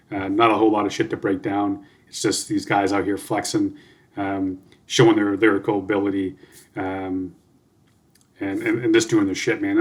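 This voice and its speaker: A Canadian man hosting a music reaction video, talking casually, swearing freely and thinking aloud with lots of fillers. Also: lowish voice.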